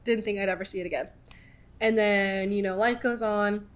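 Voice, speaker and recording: A woman in her twenties hosting a podcast, telling a story casually with lots of "like" fillers and animated quoting of people. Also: mid-range voice, moderate pace. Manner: chatty, filler-heavy with many "like"s. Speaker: podcast host.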